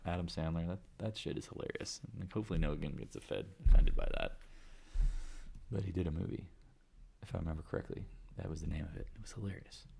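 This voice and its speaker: A man's voice: low voice, creaky. A man hosting a casual live market chat, rambling and joking as he goes. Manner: rambling, jokey, self-deprecating. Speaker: market chat host and real estate agent.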